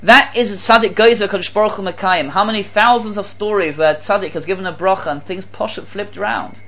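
A man giving a Torah talk as a sermon, animated and repeating phrases for emphasis, with Hebrew terms mixed in. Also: high voice, a little fast, muffled recording. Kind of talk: sermon with storytelling.

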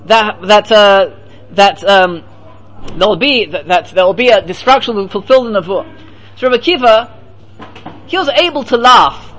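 Male Talmud teacher, very high-pitched, storyteller who quotes source texts and explains in English. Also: normal speed, poor audio. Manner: mixes quoted Aramaic and Hebrew phrases with English explanation; storytelling, grows animated at emotional points. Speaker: Torah teacher. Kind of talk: Talmud lesson.

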